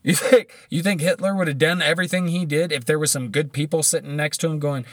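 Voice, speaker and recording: Blunt, swearing man with a higher voice. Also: steady tone, fast, hardly any pauses, fairly bright tone, no echo, studio quality. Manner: blunt, swearing, rambling with restarts. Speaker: commentator. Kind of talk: profane casual commentary.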